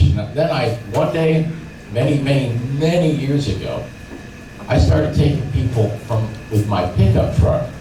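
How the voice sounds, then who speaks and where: Man telling animated fishing stories, echoey room. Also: mid-range voice. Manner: animated storyteller, acts out voices and sounds. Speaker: fishing guide giving a club talk. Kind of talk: storytelling seminar talk. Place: club meeting room. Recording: echoey room from far off, noisy.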